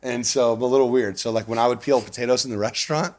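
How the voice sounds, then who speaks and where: A man being interviewed, telling stories in a casual, animated way with a lot of swearing and frequent laughter. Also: medium pitch, quick pace. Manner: profane, animated, laughs often. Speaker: guest. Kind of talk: casual storytelling.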